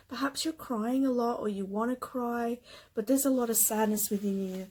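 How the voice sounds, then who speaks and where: A woman giving a gentle, emotional spiritual card reading, with soft whispered asides. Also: on the high side, normal speed, a little hiss or hum, rough recording. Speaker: tarot card reader.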